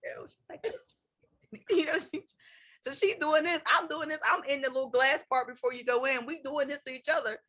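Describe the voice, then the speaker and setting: A woman in her twenties, co-hosting and telling a story in casual, slangy, animated chat, laughing often. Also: sits high, normal speed. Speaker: co-host.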